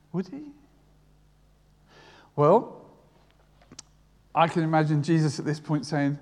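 A man's voice: a little high, takes it slowly, long pauses, darkish tone, long reverb tail. A retired man preaching a sermon, earnest and repeating key phrases for emphasis. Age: older.

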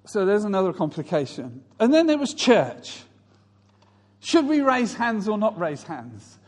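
A man's voice: sits high, very animated, normal speed, big-room sound. A male pastor preaching a sermon, telling stories and mimicking other people's voices.

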